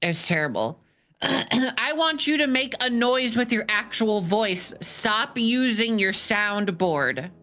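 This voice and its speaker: A woman's voice: a little high, animated, takes it slowly, pushed and bright. A woman streamer bantering playfully in casual chat, teasing and swearing casually.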